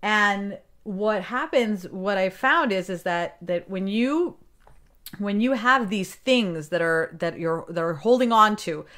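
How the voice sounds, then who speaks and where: A woman guest in a relaxed podcast conversation, speaking at a middling pitch that fits a typical voice. She is enthusiastic and talks in vivid metaphors, often restarting her sentences as ideas tumble out. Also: slow. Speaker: podcast guest, business coach. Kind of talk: casual interview chat.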